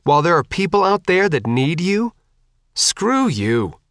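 A man's voice: medium pitch, expressive, moderate pace, a bit bright, no echo, studio quality, lightly acted. A man reading an audiobook, voicing an angry, scornful teenage girl who fights zombies. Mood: furious.

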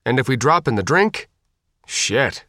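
A man voicing a panicky, brash teenage girl fighter who swears and shouts. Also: medium pitch, sing-song, measured pace, dry recording, studio quality. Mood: unsure, rattled.

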